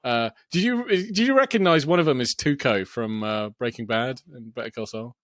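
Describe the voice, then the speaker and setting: A man's voice: mid-range voice, normal speed, no echo, clean studio sound. A man co-hosting a podcast, talking casually about movie scenes and acting out lines with laughter. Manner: animated, quotes film lines with laughter. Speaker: podcast co-host. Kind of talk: casual film discussion.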